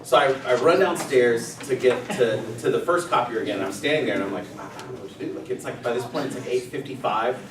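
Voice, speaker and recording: A man, a pastor, telling a funny story to a group in a casual, animated way with bursts of laughter. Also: mid-range voice, quick pace, hardly any pauses, a crowd in the background. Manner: animated, laughing storyteller who acts out quotes. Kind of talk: casual anecdote told to a group. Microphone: distant room mic. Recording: echoey room, mic far off, chattering group.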